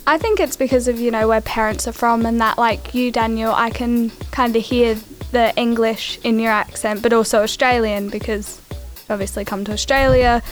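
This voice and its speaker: A woman's voice: fairly high pitch, steady tone, normal speed, faint music behind. A young woman co-hosting a casual student radio show, talking loosely about accents and school events.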